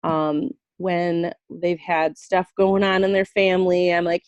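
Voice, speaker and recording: A woman's voice: medium pitch, measured pace, hardly any pauses, no room sound. Chatty woman on a dull video call. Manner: chatty, animated quoting of herself and her friend. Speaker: essential oils seller. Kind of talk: casual storytelling on a video call.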